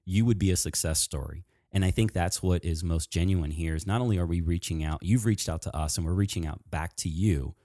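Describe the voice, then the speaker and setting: A man hosting a podcast, chatting casually and excitedly about nursing careers. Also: low-pitched, no echo, clean studio sound. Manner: excitable, animated, talks fast. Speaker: podcast host. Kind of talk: casual chat.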